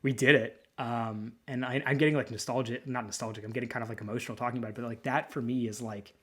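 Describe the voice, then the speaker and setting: Husky thirtyish male lawyer, podcast co-host; loose, sentimental, restarts a lot. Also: medium pitch, steady tone, fast talker. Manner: rambling, candid and sentimental, with frequent restarts. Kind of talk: casual chat.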